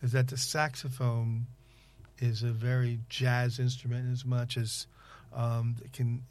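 A man interviewing in casual conversation, rambling and halting with many fillers and restarts. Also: mid-range voice, completely flat delivery, a little mellow.

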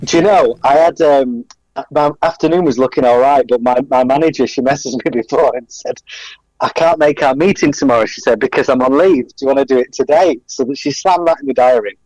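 A man's voice: mid-range voice, a little fast, a little mellow, no room sound, rough recording. A man, chatting and laughing as a radio guest. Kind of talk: casual radio chat.

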